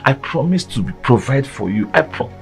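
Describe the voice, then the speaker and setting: A poor young husband, lamenting and pleading. His mid-pitched voice moves through a wide range. Soft film music plays low. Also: big pitch swings, moderate pace. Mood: despairing. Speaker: gateman and husband.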